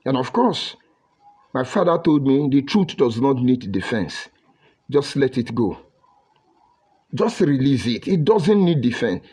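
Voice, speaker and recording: A middle-aged Nigerian man who speaks English with a Pidgin accent and hosts a live broadcast. His voice sits at an ordinary, mid-range pitch for a man. He reads viewer comments aloud and answers them in a combative, mocking, preachy way. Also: sing-song, unhurried, long pauses, darkish tone. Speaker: livestream commentator.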